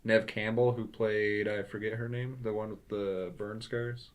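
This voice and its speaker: A man co-hosting a casual movie review chat, halting with lots of fillers and dry remarks. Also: fairly low pitch, little pitch movement. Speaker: podcast co-host.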